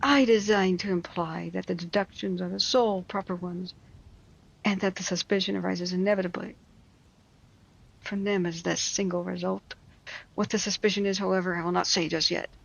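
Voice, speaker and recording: A woman reading a classic story aloud, breaking off for wry, mocking asides and quick explanations of old words. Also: lowish voice, fairly even intonation, creaky. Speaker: reader.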